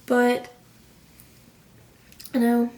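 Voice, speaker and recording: A woman's voice: fairly high pitch, completely flat delivery, very slow, dark tone. A young woman in her late teens telling a personal story in an emotional, rambling way, full of "like". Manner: emotional, rambling, heavy use of "like". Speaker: vlogger. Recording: roomy sound from a distant mic.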